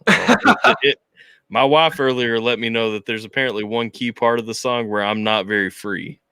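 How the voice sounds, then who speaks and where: A man's voice: medium pitch, fairly quick, clean tone, dry recording. A young adult man hosting a casual livestream interview, joking and poking fun at himself. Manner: animated, joking, self-deprecating. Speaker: host.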